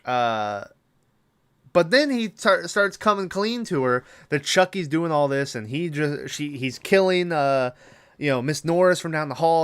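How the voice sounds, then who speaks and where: A man's voice: on the high side, expressive, unhurried, a bit bright, clean tone, dry recording. A man hosting a podcast, casually retelling a movie plot in a rambling, profane way with lots of filler words. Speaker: podcast host.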